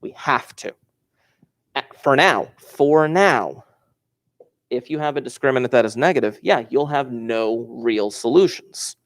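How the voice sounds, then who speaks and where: A man's voice: medium pitch, animated, measured pace. A man teaching a class, explaining step by step and repeating key points, recorded in a classroom. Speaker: math teacher. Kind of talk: classroom lecture.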